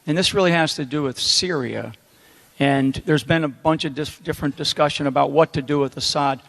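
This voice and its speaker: Gravelly male moderator in a hall. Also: on the high side, fairly bright tone. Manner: halting, restarting mid-sentence. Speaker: forum moderator. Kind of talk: moderator question.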